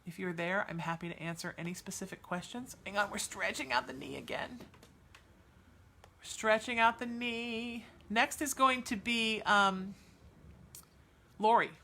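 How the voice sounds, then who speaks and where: A woman's gravelly, mid-range voice comes across bright and forceful, and she speaks a little slowly. Hosting a podcast, she does live psychic readings for chat viewers, chatty and filler-heavy but soothing and reassuring, calling each listener sweetheart.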